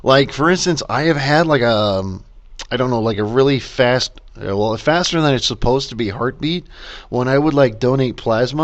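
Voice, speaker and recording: Male podcast host, middle pitch, caffeinated rambling rant, profane, muffled home recording. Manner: rambling, lots of fillers and restarts, profane. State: caffeinated, talking fast. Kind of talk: casual solo rant.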